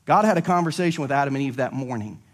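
A male pastor preaching a sermon, animated and acting out little dialogues as he goes. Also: mid-range voice, quick pace.

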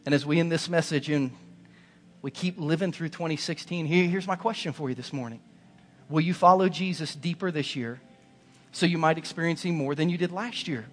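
A man preaching a Sunday sermon in a church sanctuary, his voice sitting a bit higher than most men's. He hammers points home through repeated, rising phrases, and each line rings out with a long reverb off the hall. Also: a little fast, faint music behind. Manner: emphatic, building repetition. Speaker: pastor.

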